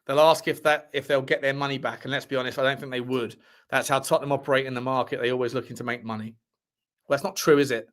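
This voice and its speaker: A man's voice: mid-range voice, steady tone, fast, fairly bright tone. A man hosting a football fan livestream, reading articles aloud with cheeky asides and repeating his phrases. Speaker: host of a football fan show. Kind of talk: casual livestream chat reading transfer news.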